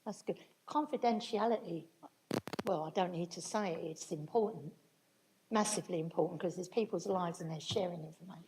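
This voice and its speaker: A woman's voice: fairly low pitch, fairly quick, noisy background. An older woman speaking earnestly at a public talk, stressing key words and backing up her partner. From Britain. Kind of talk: conversational talk to an audience.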